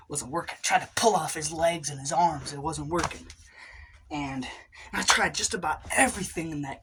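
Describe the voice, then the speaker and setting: A woman with a notably low voice who tells a comic story in an unbothered, deadpan drawl. She delivers her lines flatly and casually. A faint hiss sits underneath the recording. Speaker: comedian.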